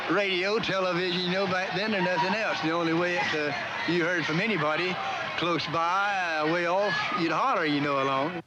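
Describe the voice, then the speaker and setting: A lifelong farmer speaks in an easy, plain way. His voice sits slightly high for a man. A loud hiss lies under him, as on an old 1970s documentary reel. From North Carolina. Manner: plain-spoken, with frequent "you know". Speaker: farmer and contest holler. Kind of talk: casual reminiscing. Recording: noisy 1970s film sound.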